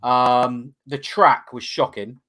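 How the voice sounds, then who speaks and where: A man's voice: medium pitch, fairly even intonation, slow, a bit bright. A man co-hosting a casual fan podcast, rambling and enthusiastic with lots of fillers. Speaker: podcast co-host.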